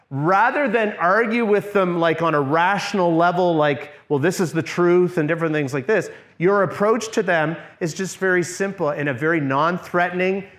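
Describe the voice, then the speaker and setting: Man teaching a church workshop. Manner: conversational, checks in with "okay?"; drops into a soft low voice for examples.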